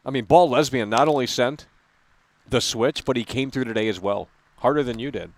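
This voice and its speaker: A man's voice: mid-range voice, a little fast. A young adult man hosting a gaming livestream, ranting bluntly and casually with lots of swearing. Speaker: livestream host.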